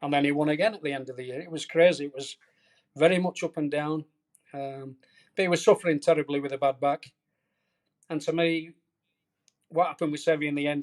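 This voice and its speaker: A middle-aged man, a veteran golf caddie, telling colorful stories as a podcast guest. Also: fairly high pitch. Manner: animated, colorful storyteller. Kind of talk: storytelling anecdote in a podcast interview.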